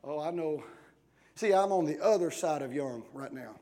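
A pastor in his forties preaching a sermon, swinging between hushed talk and shouting, with many "uh" fillers between phrases. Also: on the high side, animated, moderate pace. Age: 40s.

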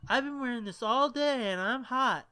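A man's voice: very high-pitched, normal speed, pushed and bright, clean tone, dry recording, pitched above the performer's own voice. A man voicing a drunk, exasperated boyfriend who insists and over-explains.

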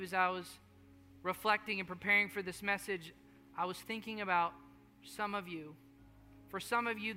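A male pastor delivers a sermon in an earnest, repetitive cadence, dropping into hushed storytelling before rising into fervent appeals. His voice sits high and sounds intensely bright and sharp. It rings out with a long reverb through a large church hall, with faint music underneath.

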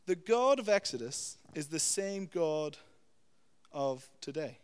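A young adult man delivers an animated sermon, his voice pitched slightly above the usual male range. Long reverb trails behind each phrase, as in a big hall. He teaches conversationally, tossing in "you know" and "okay?". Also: slow pace, clear, resonant tone. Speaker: preacher.

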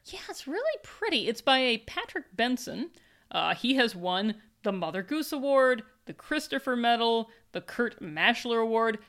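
A woman's voice: on the high side, very animated, normal speed, a bit bright. A woman co-hosting a podcast, chatting casually about a picture book and teasing her co-host playfully. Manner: playful, teasing, argues jokingly.

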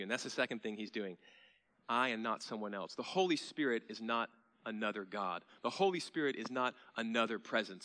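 A man pastor preaching a sermon in a church, conversational and then emphatic, sometimes dropping to a soft hush. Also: lowish voice, animated, fairly quick.

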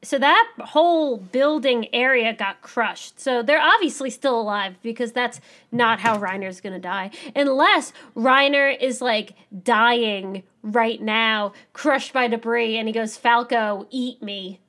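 A woman co-hosting a casual podcast chat, animated and excitable, acting out lines as she talks. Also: fairly high pitch, unhurried, few pauses. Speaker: podcast co-host. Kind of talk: casual chat about an anime episode.

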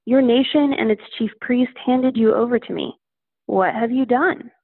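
A stern male Roman governor, read by a woman in a scripture reading, measured and questioning. The voice sits fairly high with a gravelly edge. It comes through a tinny, phone-like line with a dry sound. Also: no room sound, full character voice.

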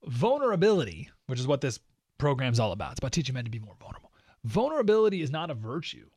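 A man's voice: mid-range voice, big pitch swings, very fast, a little mellow, slightly rough, dry recording, studio quality. A man hosting a radio talk show, delivering an opinionated monologue in a sarcastic, mocking, emphatic manner. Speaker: radio host.

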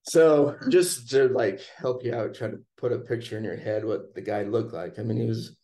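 A man casually telling a personal story in conversation, relaxed and chatty, acting out what people said. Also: medium pitch, moderate pace. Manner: relaxed, chatty, acts out quoted lines.

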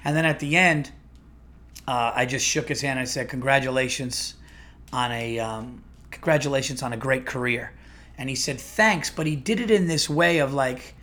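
A man's voice: mid-range voice, sharp tone. A man, a comedian and podcast host, telling a rambling, profane story with many restarts. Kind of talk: casual storytelling monologue.

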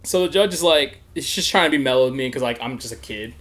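A man's voice: mid-range voice, lively intonation, fast talker, a bit bright. A young man hosting a podcast, telling a story in casual chat, laughing often and swearing freely. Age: young adult. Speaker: podcast host.

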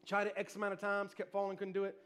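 A man delivers a sermon full of family anecdotes, animated throughout, moving from shouted cheers to quiet moments. He speaks quickly in a high-pitched voice.

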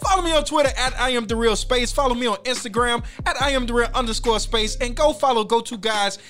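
A man hosting a sports podcast in energetic, slangy casual talk, hooting and hyping his team. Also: very high-pitched, quick pace, soft background music. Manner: energetic, slangy, shouts and hoots.

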